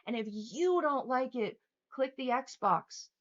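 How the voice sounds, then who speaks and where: Reading her chat on a livestream, a young woman unleashes a heated rant full of profanity and sarcasm. She speaks slowly in a high, expressive voice, through dull, lo-fi audio.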